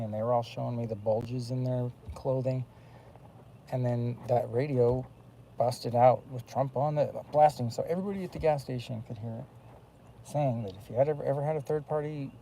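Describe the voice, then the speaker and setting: Man talking to camera, gravelly dark voice, rambles with fillers, faint hiss behind. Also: mid-range voice, low-quality recording. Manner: rambling, many fillers and restarts. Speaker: vlogger. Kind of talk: rambling casual monologue.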